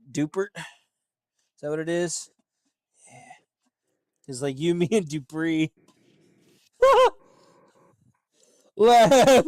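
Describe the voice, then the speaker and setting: A young man giving casual, profane commentary while playing a game, laid-back and breaking into loud laughter. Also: on the high side, no room sound, clean studio sound. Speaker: streamer.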